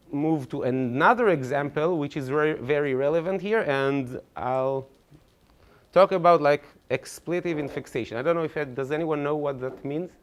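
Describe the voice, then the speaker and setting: A young man lecturing to a room, his voice sitting a little higher than most men's. He explains in a loose, conversational way, stumbling over restarts and fillers and often asking "okay?" to check that the audience is following. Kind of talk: academic talk.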